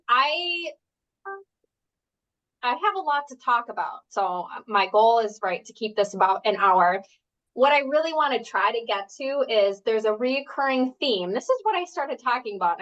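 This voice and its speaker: Woman, health coach, casual rambling talk, lots of fillers, mid-pitched voice, dull lo-fi stream audio. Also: fairly bright tone. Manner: chatty, rambling, many fillers and asides. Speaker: health coach leading a group workshop. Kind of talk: casual live workshop talk. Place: at home, indoors.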